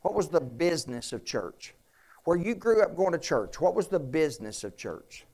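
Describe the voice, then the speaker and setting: Earnest halting male pastor. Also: a little high, sing-song, a little mellow, breathy edge. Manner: earnest, halting with restarts, folksy. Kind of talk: conversational sermon with questions to congregation.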